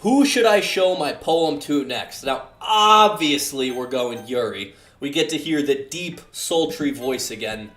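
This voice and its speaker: Sarcastic gaming YouTuber guy, lively voice. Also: fairly high pitch, unhurried, hardly any pauses, echoey room, soft background music. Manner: sarcastic, joking, swears. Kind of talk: let's play commentary.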